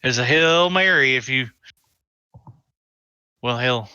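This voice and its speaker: A man's voice: mid-range voice, slow, pushed and bright, smooth, no room sound, dull audio. A man talking as a player in a tabletop game, brash and swearing casually.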